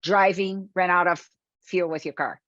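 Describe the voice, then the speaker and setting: Presenting a motivational sales webinar, a woman from Brazil talks a little slowly in a lowish voice, speaking straight to her listeners with animated rhetorical questions. The audio is dry, with the highs cut off.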